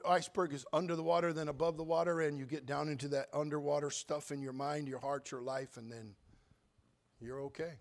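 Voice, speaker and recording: An older man delivering a sermon in a folksy, joking storytelling way. His voice sits a little high for a man, and it swells into loud preaching peaks. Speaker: pastor.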